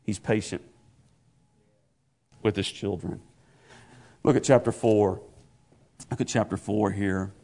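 A man's voice: fairly low pitch, fairly even intonation, slow, long pauses, warm tone. A man preaching a sermon, stumbling over repeated words and rising into emphatic proclamations. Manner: stammering restarts, builds to emphatic proclamations.

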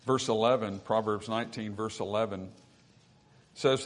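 A man preaching a sermon to his congregation, mid-pitched and earnest. He talks plainly and conversationally, then rises into emphatic bursts. He reads scripture aloud and checks in with the room with a questioning "Amen?". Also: normal speed. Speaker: pastor.

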